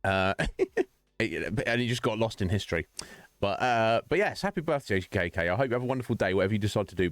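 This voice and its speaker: A man hosts a live stream, chatting loosely with viewers and breaking into laughter at his own jokes. His voice sits fairly low but moves through a lively, animated pitch range. The recording is dry, with faint music underneath. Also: no echo. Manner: chatty, rambling, joking, laughs often. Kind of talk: casual chat with viewers.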